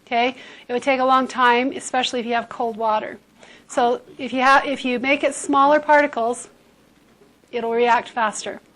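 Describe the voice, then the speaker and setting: A woman's voice: on the high side, fairly even intonation, moderate pace, a bit bright, rough recording. A woman teacher giving a chemistry lecture to a class, explaining with everyday comparisons and checking in with "okay?". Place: high school classroom.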